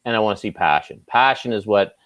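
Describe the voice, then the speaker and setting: A man with a Canadian Maritime accent, a sports anchor chatting as a guest in a relaxed, self-deprecating way. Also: on the low side, fast, clear, resonant tone, no echo, lo-fi sound. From Nova Scotia, Canada. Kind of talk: casual interview chat.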